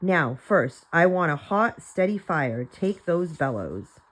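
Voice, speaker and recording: Grumpy crafty old man, suspicious and barking orders, as a lady reader puts him on, lowish voice. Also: very animated, takes it slowly, heavily acted. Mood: gruff.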